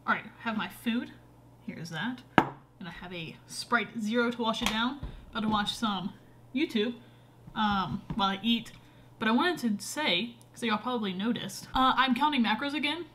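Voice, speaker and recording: A young woman chats to her camera at home in a loose, rambling way, with plenty of ums and restarts. Her voice sits a little on the high side. She sounds relaxed and conversational, talking straight to her viewers. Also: normal speed, a little hiss or hum. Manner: rambling, chatty, lots of fillers. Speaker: vlogger. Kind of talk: casual vlog chat. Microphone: camera on a short tripod.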